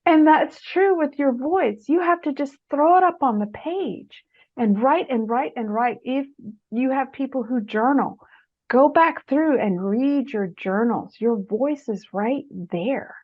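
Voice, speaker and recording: A woman's voice: high-pitched, a little slow. A middle-aged woman, an author, giving writing advice in an interview and acting out quotes with a lifted voice. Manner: animated storyteller, acts out quotes in a raised voice. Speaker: author and guest speaker. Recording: muffled lo-fi audio.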